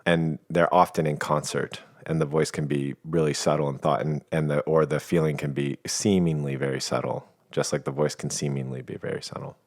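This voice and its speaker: A man talking as a podcast guest, explaining ideas in a calm, reflective and playful way. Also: rumbling low, a little fast, few pauses. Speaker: guest, coach. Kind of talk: reflective conversation.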